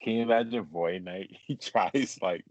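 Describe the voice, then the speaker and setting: A man's voice: deep voice, normal speed, darkish tone, no echo, low-quality recording. A man hosting a casual podcast chat, rambling and laughing, heavy on fillers. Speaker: podcast host.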